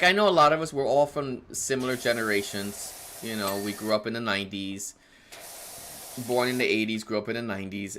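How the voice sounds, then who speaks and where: Man, 30s, streamer; chatty and rambling, bright tone, faint game sounds behind. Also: a little hiss or hum. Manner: rambling and chatty, laughs often, reads chat aloud; animated, jumps in pitch when excited. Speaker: livestreamer playing a game. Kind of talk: casual live stream chat.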